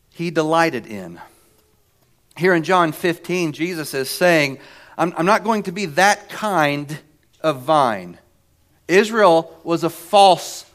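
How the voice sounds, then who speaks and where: A man preaching at an unhurried, measured pace, with a voice pitched a little higher than most men's. He speaks deliberately and with emphasis, sometimes repeating a word before going on, in the manner of a sermon. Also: a bit bright.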